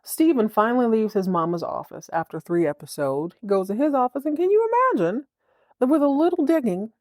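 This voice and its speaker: A woman hosting a podcast, recapping a TV drama in a casual, playful, slangy way with quick acted-out bits of dialogue. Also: on the high side, animated, a little mellow, no echo, studio quality.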